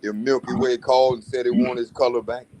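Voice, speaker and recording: A man's voice: mid-range voice, level tone, brisk, warm tone, slight background noise. A man on a casual livestream, teasing a friend with roasting jokes.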